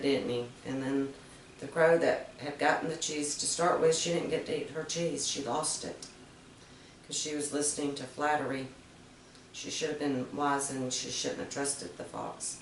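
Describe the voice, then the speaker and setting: A woman reading fables aloud to children, gently explaining each moral with questions to her listeners. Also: very deep voice, a little hiss or hum. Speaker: storyteller. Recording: roomy, distant mic.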